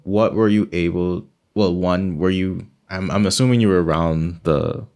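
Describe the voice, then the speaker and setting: A man's voice: low voice, moderate pace, a little mellow. A man hosting an interview, asking questions hesitantly and rephrasing as he goes, a bit distant from the mic. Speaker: host.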